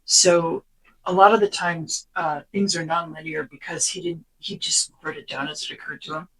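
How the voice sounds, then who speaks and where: A podcast co-host chatting casually and summarizing from notes, animated, sometimes dropping into a whisper for quoted lines. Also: medium pitch, moderate pace, husky, low-quality recording.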